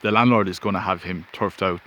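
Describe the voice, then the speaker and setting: A man's voice: deep voice, steady tone, a little fast, fairly bright tone. A man casually telling a rambling personal story outdoors, recorded on a phone in the wind. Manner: rambling anecdotal, self-interrupting. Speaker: vlogger. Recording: faint wind and ambience.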